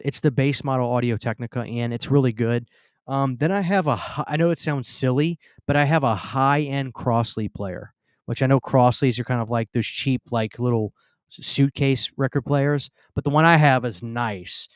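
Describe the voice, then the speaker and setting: Chatting through a casual live Q&A stream, this Southern US host reads comments from viewers aloud and stammers through restarts. His mid-range voice is clear and resonant at a moderate pace, and the close studio mic delivers clean sound with no echo.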